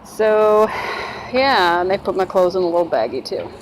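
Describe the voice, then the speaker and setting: A woman's voice: medium pitch, normal speed, slight background noise, rough recording. A woman, telling her own story in a casual, rambling vlog monologue and acting out the voices of people she quotes.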